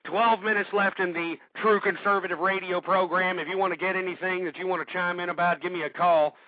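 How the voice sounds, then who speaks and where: A man hosting a talk radio show, delivering an impassioned rant that breaks into shouting and swearing. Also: high voice, steady tone, fairly quick, no echo. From United States. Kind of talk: political talk radio monologue. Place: cold room. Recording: tinny phone-like lo-fi internet radio.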